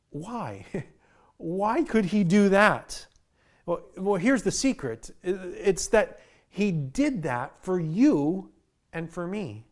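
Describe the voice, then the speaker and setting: A man's voice: sits high, expressive, measured pace. A man preaching a sermon as pastor, earnest and often repeating the first word of a phrase. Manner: earnest, repeats words when starting phrases.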